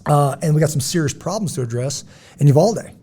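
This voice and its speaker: A man hosting a podcast, talking in a blunt, emphatic, preachy way with a husky voice. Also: on the high side, lively intonation, brisk, dark tone. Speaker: podcast host. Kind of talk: casual podcast discussion.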